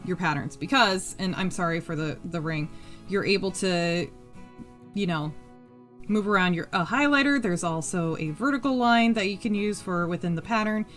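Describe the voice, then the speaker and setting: A woman hosting a live crafting stream, rambling and chatty, humming to herself and swearing freely. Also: fairly low pitch. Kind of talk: casual chat while crafting on a live stream.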